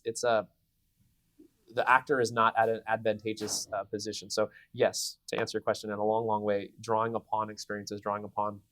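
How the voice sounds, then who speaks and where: A man in his thirties, a voice actor giving a convention interview, telling stories in an animated way with many restarts. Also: fairly low pitch, dry recording. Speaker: voice actor guest. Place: convention venue.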